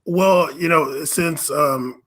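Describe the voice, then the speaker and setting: Co-hosting a loose political podcast chat, a man recounts a news story in an earnest, meandering way. His slow voice is a bit high, bright, and slightly husky, and he often hesitates, filling the gaps with ums.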